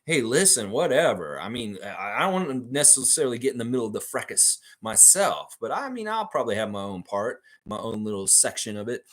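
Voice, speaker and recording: A man's voice: medium pitch, big pitch swings, fairly quick, hardly any pauses, fairly bright tone. A man hosting a live fan stream, chatting casually, reading viewer comments, and swearing freely with lots of fillers. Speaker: fan show host.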